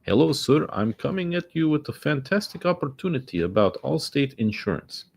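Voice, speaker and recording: A man's voice: mid-range voice, sing-song, normal speed, creaky, pitched above the performer's own voice. A man putting on the voice of an overly polite, insistent male phone salesman. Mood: pleading. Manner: fawning, insistent sales patter.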